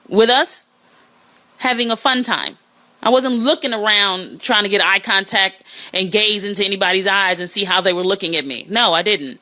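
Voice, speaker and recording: A woman hosting a casual solo monologue in an animated way, swinging her pitch for emphasis and mimicking the people she talks about. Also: normal speed. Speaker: podcast host.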